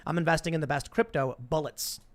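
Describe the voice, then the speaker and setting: A man hosting a live talk show, reading viewer messages aloud in quick, casual chat. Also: fairly high pitch. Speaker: show host.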